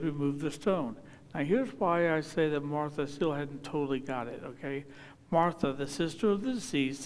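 A man's voice: a little high, smooth. Preacher man in a reverberant hall. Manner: reads scripture aloud and builds to emphatic calls. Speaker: pastor. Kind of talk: sermon.

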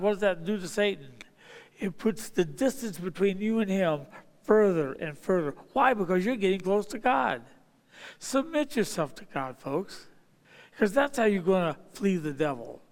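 A man preaching a sermon as pastor, emphatic, repeating key phrases for stress and swinging from loud declarations to hushed lines. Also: fairly high pitch, big-room sound.

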